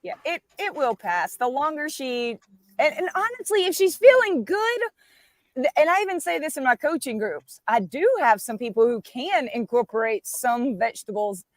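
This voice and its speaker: A woman coach chatting on a live video call, telling animated stories with playful asides. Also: high voice, moderate pace, dry recording. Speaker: carnivore diet coach. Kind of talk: casual live-stream chat.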